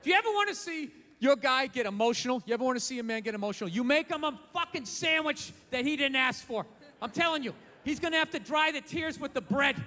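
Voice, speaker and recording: A man doing a stand-up comedy rant, profane and bursting into shouts. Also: very high voice, expressive, quick pace, in a large hall.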